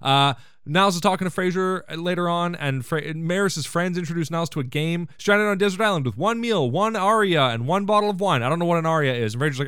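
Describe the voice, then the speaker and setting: A young man hosts a casual comedy podcast. His voice is smooth and crisp and sits a little high for a man. It swoops animatedly up and down as he tosses off crude jokes and breezy summaries, all heard close up in a dry, dead room. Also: lively intonation, quick pace, a bit bright, no echo. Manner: irreverent, crude jokes, breezy paraphrasing of scenes. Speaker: podcast host. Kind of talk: casual comedic episode recap.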